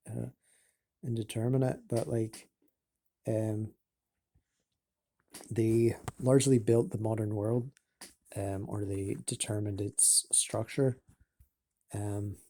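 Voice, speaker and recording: Guy doing a put-on scottish accent, rambling slow with lots of ums, super dark mellow voice, dry sound. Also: mid-range voice, no echo. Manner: halting, full of fillers and restarts, swears casually. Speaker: vlogger. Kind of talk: rambling casual monologue. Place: at home.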